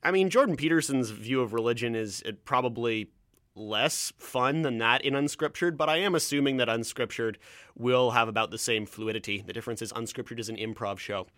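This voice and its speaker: A man's voice: medium pitch, fairly quick, fairly bright tone, no room sound, studio quality. A Canadian man from Ontario hosting a solo podcast, rambling through tangents with frequent restarts and a slight stammer. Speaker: podcast host. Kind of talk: casual solo podcast chat.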